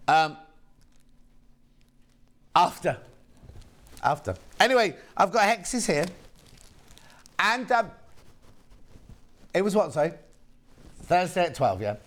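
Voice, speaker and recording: A man presenting on a live TV shopping channel in a chatty, camp manner, with a British accent, reading out viewer messages between product details. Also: a little high. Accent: British English. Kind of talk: live TV sales chat. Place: TV studio.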